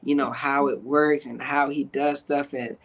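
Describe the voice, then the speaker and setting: A man being interviewed, an actor, telling an emotional personal testimony in a slangy, animated, preacher-like way, acting out quoted dialogue. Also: medium pitch, unhurried, rough recording. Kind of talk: emotional conversational storytelling.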